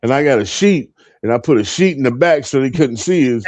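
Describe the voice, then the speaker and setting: A man's voice: medium pitch, expressive, fairly quick, darkish tone, no echo. A man in his fifties telling profane, laughing stories as a co-host on a live panel. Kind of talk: casual storytelling on a live panel.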